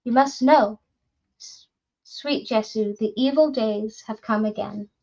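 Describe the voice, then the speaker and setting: A woman voicing an older widow who speaks softly and haltingly, frightened. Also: on the high side, highs cut off. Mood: timid fearful. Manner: soft, halting.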